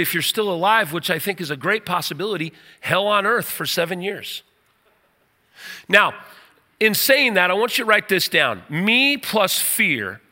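A middle-aged man preaching a sermon, telling a personal story with animated energy. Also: high voice, in a large hall. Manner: animated storyteller, rises to near shouting at the story's climax.

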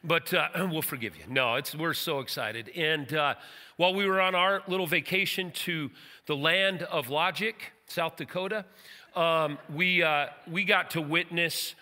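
Middle-aged man, pastor, sermon, very bright voice, folksy and emphatic, church hall reverb. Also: a little high, a little slow. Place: church sanctuary.

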